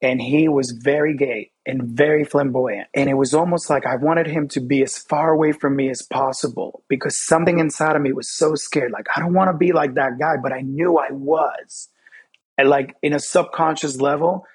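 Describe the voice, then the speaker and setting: A young adult man from Fort Lauderdale, telling personal stories as an interview guest in quick, animated bursts. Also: medium pitch, breathy edge. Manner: animated, quick bursts, acts out quoted voices. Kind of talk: candid personal storytelling.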